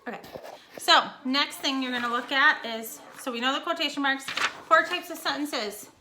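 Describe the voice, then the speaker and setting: A woman's voice: high-pitched, normal speed, bright, forceful tone, slight background noise. A young woman teacher recording a casual home lesson for her students, explaining each step in a chatty way.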